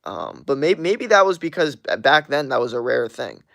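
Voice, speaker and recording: Male streamer, gravelly voice, dry close sound, blunt and profane, reads and answers chat. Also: medium pitch, sing-song, moderate pace, a bit bright, dry recording. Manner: blunt and profane, laughs often. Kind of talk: casual livestream chat.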